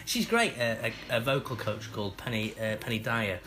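A man with a Stockport accent, an actor chatting as an interview guest, self-mocking and quick to laugh. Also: medium pitch, big pitch swings, over a noisy crowd. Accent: Stockport, northern English. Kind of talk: casual interview chat.

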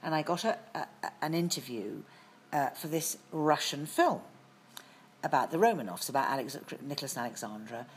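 Middle-aged british actress w a low voice spinning long stories, lots of restarts, faint hiss behind. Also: female voice, brisk. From Britain. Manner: lively storytelling with frequent restarts. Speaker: actress as guest. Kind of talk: anecdotal interview chat.

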